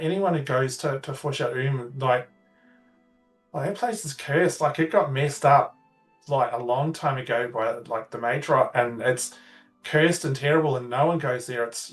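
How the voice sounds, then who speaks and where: A man's voice: fairly high pitch, far from the mic, lightly acted. A man voicing a nervous young male villager who stammers and rambles through denials.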